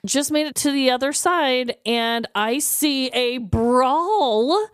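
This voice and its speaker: A woman in her thirties co-hosting a podcast, telling a story in lively casual chat, swearing and acting out the people she quotes. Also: high voice, slow, smooth, no echo, studio quality. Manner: animated, swearing, acts out quotes. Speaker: podcast co-host.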